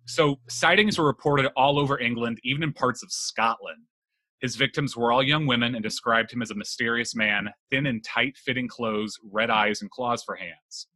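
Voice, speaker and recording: A man's voice: mid-range voice, normal speed, bright, forceful tone, no echo. A man hosting a casual chat, telling a spooky legend with jokes and swearing. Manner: joking, swears freely, laughs while telling. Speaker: podcast host telling a legend.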